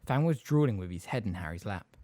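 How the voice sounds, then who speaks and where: A man reading a novel aloud as an audiobook, in expressive storytelling narration. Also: on the low side, fairly quick, no echo. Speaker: audiobook reader. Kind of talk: scripted narration.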